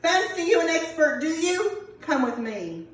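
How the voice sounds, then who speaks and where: A grumpy little leprechaun cobbler who cares for nothing but gold, as a woman reads him aloud. He talks in a gruff, scolding way, in a fairly high voice. The sound is echoey and distant, like a classroom recording. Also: lively intonation, measured pace. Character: grumpy greedy male leprechaun shoemaker.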